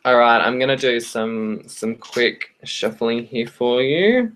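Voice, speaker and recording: An Australian tarot reader giving live-streamed card readings to viewers in a friendly, chatty way, often pausing on ums and restarting phrases. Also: mid-range voice, expressive, fairly bright tone.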